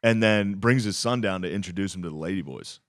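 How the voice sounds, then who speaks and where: A man's voice: sits low, quick pace, no room sound, studio quality. A young man as a podcast guest in casual chat, laid-back and profane, often laughing.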